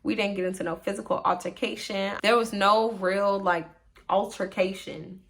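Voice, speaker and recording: A woman's voice: medium pitch, steady tone, moderate pace, fairly bright tone, slight background noise. A young woman casually telling a storytime monologue, blunt and profane, acting out both sides of an argument.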